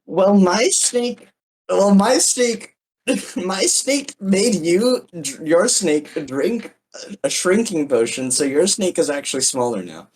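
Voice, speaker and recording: An excitable podcast co-host in casual banter. The voice swings widely in pitch and has a husky edge. Words tumble out with stammers and repeats. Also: takes it slowly, low-quality recording.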